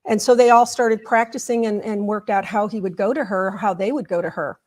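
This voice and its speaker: As an interview guest, a culture change consultant recounts a conversation piece by piece, her mid-range female voice moving at a fairly quick pace.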